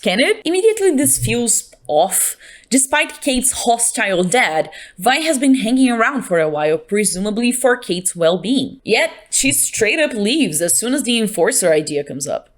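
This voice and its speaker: Young woman reviewer, sarcastic and playful, lively and high-voiced. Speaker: video reviewer. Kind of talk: casual TV-show review.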